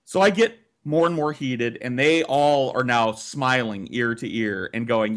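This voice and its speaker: A man's voice: mid-range voice, big pitch swings, normal speed, few pauses, bright, forceful tone. A man telling a childhood story on a podcast in casual, profanity-laced chat.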